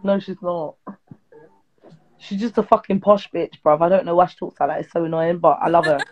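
A woman's voice: fairly low pitch, steady tone, brisk, darkish tone. Blunt woman, lo-fi sound. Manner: blunt, slangy, says bruv a lot. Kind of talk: casual chat on a live stream.

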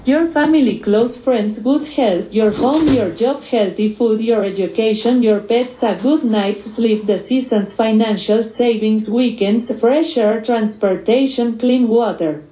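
A synthetic text-to-speech woman's voice reading out a list in an even, flat cadence. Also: fairly high pitch, a little slow, hardly any pauses, reverberant, rough recording.

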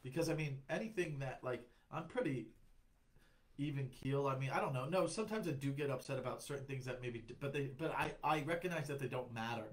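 A man's voice: medium pitch, brisk, rough recording. A young man chatting on a comedy podcast as a guest, rambling and reflective, with many restarts. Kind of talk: casual podcast chat.

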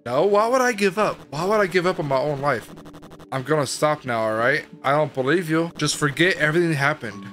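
A young man commentating a horror game, excitable and chatty, full of slang. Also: on the high side, a little fast. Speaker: gaming video host. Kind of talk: gameplay commentary. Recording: game music behind.

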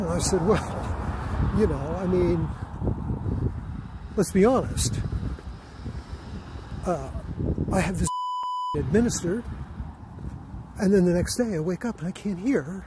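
A man vlogging a personal account in a halting way, with many fillers and restarts and a weary, aggrieved tone. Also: high-pitched, noisy background. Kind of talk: casual personal account to camera.

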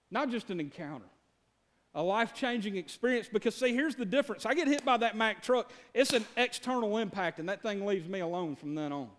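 High-voiced folksy preacher, a man. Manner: folksy, storytelling preacher addressing the congregation. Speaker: pastor. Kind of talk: sermon.

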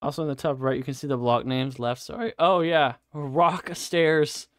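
A man's voice: fairly high pitch, steady tone, moderate pace, a bit bright, smooth, no echo, clean studio sound. A man giving casual, profane live commentary while playing a game, chatting to himself and his viewers. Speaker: streamer.

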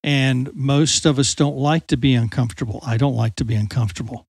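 A man's voice: medium pitch, fairly even intonation, fairly quick, gravelly, darkish tone, breathy edge, dry recording. A man hosting a ministry podcast, a former youth pastor, asking questions and adding reflective, preacherly comments. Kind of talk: casual interview talk.

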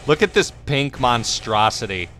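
A young man giving casual, excitable commentary over his own gameplay, swearing freely and breaking into yelps and laughter. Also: mid-range voice, measured pace, a little hiss or hum. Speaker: gameplay streamer.

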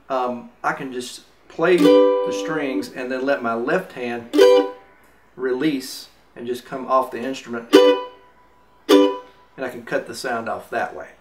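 A man's voice: mid-range voice, slow pace, long pauses. A man teaching mandolin rhythm, talking in an easy way while he demonstrates and counts beats aloud. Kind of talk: instructional demonstration. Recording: roomy, off-mic with mandolin playing. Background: mandolin music.

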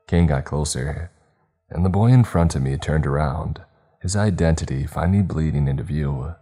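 Brief: male horror narrator, extremely deep, dark tone, somber and steady. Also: normal speed, husky.

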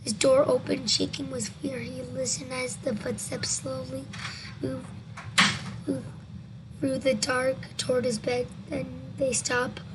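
Slow, halting reader of a scary story; a woman with a high voice, noisy home recording. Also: level tone, over a noisy crowd. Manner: halting reading with restarts and stumbles. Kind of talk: reading a scary story aloud.

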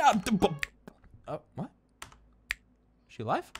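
A man's voice: a little high, big pitch swings, moderate pace, pauses often, a little hiss or hum. A man doing comedic, playful gameplay commentary, teasing and giggling as he plays. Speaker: gaming YouTuber.

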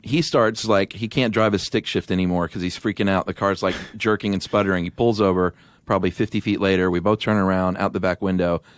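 A middle-aged man co-hosting a podcast, telling a story in a casual, animated way on a studio microphone. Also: low-pitched, a little fast, few pauses, dry recording. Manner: animated storyteller with restarts and laughs. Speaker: podcast co-host.

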